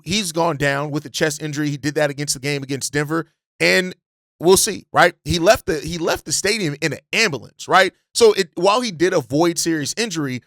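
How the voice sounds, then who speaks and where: A man's voice: fairly high pitch, fairly bright tone, no room sound, studio quality. A male sports podcast host giving passionate, profane fan commentary, often repeating words as he gets worked up.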